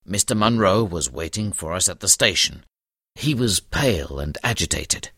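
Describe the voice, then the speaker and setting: Narrator companion read by a man, very deep and lively, dry audiobook. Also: normal speed, slightly rough, no echo, heavily acted. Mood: narrating. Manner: expressive storytelling narration. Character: detective's companion narrating the story.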